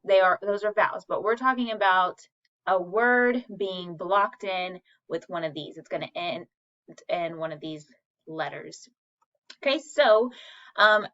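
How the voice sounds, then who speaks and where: A woman teaching a recorded reading lesson, her voice bright and ringing through slightly dull, lo-fi audio. She speaks slowly and clearly, sounding out each word syllable by syllable for young students. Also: mid-range voice.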